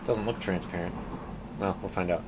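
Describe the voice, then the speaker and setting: A man's voice: low-pitched, fairly even intonation, moderate pace, noisy background. A man chatting casually and rambling with jokes as he paints on a live stream, calling his viewers "team".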